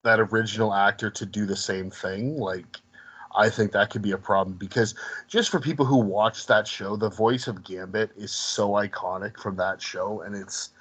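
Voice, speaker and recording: A man's voice: lowish voice, steady tone, moderate pace, a bit bright, slightly rough, low-quality recording. A man co-hosting a casual podcast, talking in a hesitant way with frequent restarts. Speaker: podcast co-host.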